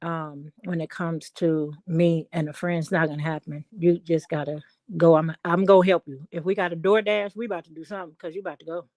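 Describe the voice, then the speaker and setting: A middle-aged woman on a call-in talk show, telling a story at length in an emphatic, animated way. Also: sits low, fairly quick, dry recording. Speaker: guest. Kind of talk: casual chat.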